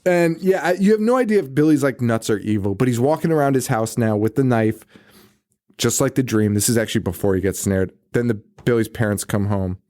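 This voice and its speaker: A man's voice: medium pitch, a little fast, no echo, studio quality. A man co-hosting a podcast and walking through a horror film's plot. He talks casually, curses often and slips into the characters' lines as he goes. His voice sits in a middle range. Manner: profane, animated, acts out quoted characters. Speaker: podcast co-host. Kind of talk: casual movie recap chat.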